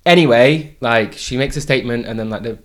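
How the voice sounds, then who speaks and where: A man's voice: medium pitch, fairly quick. A young man telling stories in a casual chat, laughing often and swearing.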